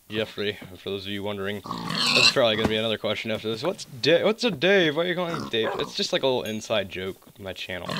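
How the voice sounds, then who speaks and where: Recording at his computer desk at home on a cheap desktop microphone, a mid-teens gaming channel host from California and South Carolina chats through his gameplay in a rambling, digressive way with joking asides. He has a fairly deep voice and a mild blend of Southern and Californian accents, and the audio is very noisy.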